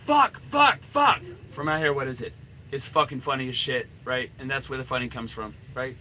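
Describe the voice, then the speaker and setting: A man's voice: mid-range voice, fairly even intonation, a little fast, bright, forceful tone, a little hiss or hum, low-quality recording. A middle-aged man, a dating coach, giving a blunt, profanity-laden and rambling coaching rant.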